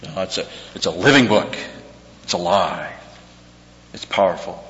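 A man preaching a verse-by-verse sermon, repeating key words slowly for emphasis. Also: deep voice, animated, a bit bright. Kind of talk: expository sermon on scripture. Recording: dull echoey hall with faint hum.

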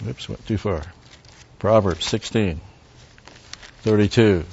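A low-pitched man delivers a verse-by-verse sermon in an easy, conversational way. He drifts into Hebrew word studies and drops wry asides to his listeners. The recording is muffled and lo-fi. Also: measured pace, long pauses, a little mellow. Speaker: Bible teacher.

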